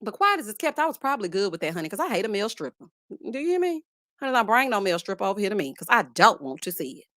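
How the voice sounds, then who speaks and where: A young woman with a Southern twang hosting a casual live chat, reading viewer comments in a lively, sassy way and calling her audience honey and child. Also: mid-range voice, rapid-fire, no room sound, clean studio sound. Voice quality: lively, sassy, laughs loudly. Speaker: host.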